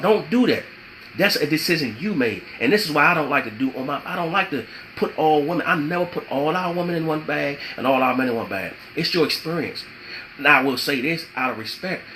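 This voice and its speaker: A man's voice: fairly high pitch, bright, forceful tone, a little hiss or hum, rough recording. A man giving relationship advice as a vlogger, emphatic and repetitive, slipping into preachy spiritual asides. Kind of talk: preachy motivational talk.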